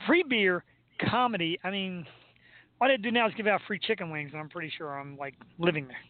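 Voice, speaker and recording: Male talk host, high voice, loose jokey banter, tinny lo-fi audio. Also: fast talker. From Philadelphia, US. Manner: joking, rambling, laughs often. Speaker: podcast host. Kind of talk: casual live show chat. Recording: tinny phone-like sound.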